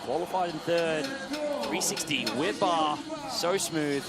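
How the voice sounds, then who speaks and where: A high-pitched man commentates a live sporting event with bubbling excitement. He breaks into shouts and exclamations whenever a big trick lands. Music plays steadily in the background. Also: measured pace, a loud crowd.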